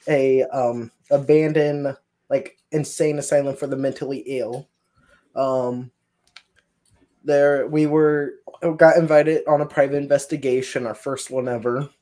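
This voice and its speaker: A man with a steady, mellow, mid-range voice speaks a little slowly as a guest paranormal investigator. He tells his stories casually, rambling loosely and using plenty of fillers.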